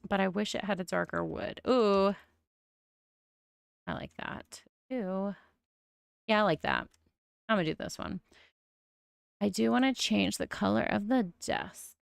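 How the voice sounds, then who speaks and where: A woman's voice: medium pitch, measured pace, gravelly, pauses often, smooth, no room sound, clean studio sound. A young adult woman with a mild lisp, streaming and musing aloud as she builds in a game, with frequent oohs. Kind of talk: casual game-building commentary.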